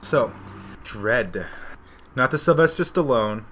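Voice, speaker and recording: A man's voice: fairly low pitch, a little fast, a bit bright. A man in his thirties co-hosting a podcast, enthusiastic and joking. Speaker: podcast co-host. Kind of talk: casual chat.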